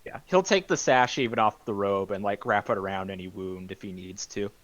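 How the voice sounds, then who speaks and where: A man's voice: on the low side, fairly quick, fairly bright tone, dry recording. Man playing a tabletop game, dry sound. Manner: plain, describing his character's actions. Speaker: player. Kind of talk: casual tabletop game chat.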